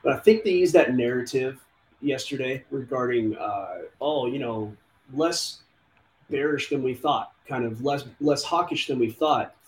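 Male host, energetic, rambling chart talk; roomy room, faint hiss. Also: medium pitch, unhurried. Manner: energetic, rambling, thinks aloud over charts. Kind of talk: casual market talk show. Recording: roomy with faint background noise.

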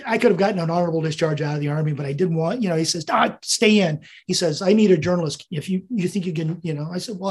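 A slightly mellow, higher-leaning voice belongs to an American man in his seventies. As a veteran interview guest, he tells rambling anecdotes punctuated by chuckles and quoted dialogue.

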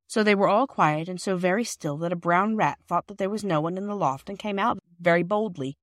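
A woman's voice: fairly low pitch, a little fast, few pauses, no echo, studio quality. Woman narrating a children's classic. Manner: clear, even storytelling. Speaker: audiobook reader. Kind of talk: scripted storybook narration.

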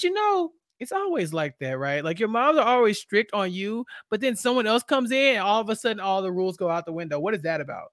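A woman co-hosting a casual podcast, reacting with expressive, mock-indignant commentary. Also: medium pitch, quick pace, hardly any pauses, dry recording, clean studio sound. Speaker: podcast co-host. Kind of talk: casual chat.

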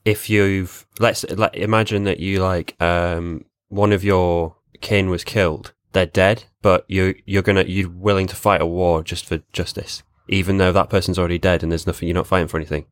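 A man, a new player on a podcast, chatting casually, blunt and swearing freely as he thinks out loud. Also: deep voice, level tone, normal speed, hardly any pauses, no echo.

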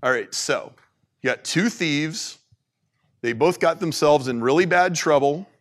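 A man giving an informal faith talk to an audience, animated and conversational, with plenty of "like"s. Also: a little high, measured pace. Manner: animated, conversational preaching with many "like"s.

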